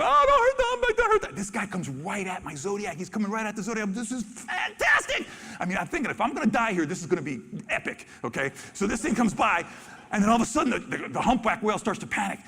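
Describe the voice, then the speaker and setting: A man, a wildlife photographer, telling stories animatedly on stage and acting out reactions with sudden loud exclamations. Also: sits high, creaky, slightly rough. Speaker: wildlife photographer giving a talk. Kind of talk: animated storytelling presentation. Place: large expo hall stage. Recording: reverberant hall.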